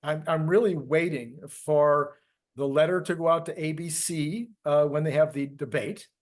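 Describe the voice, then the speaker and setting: A man's voice: fairly high pitch, steady tone, moderate pace. An older man hosting a casual opinion chat, speaking emphatically and repeating phrases. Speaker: host.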